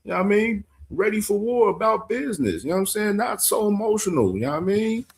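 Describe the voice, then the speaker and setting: A man hosting a casual reaction show, excitable and laughing, who keeps asking "you know what I mean". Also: high voice, fast, slightly rough. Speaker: host reacting to clips.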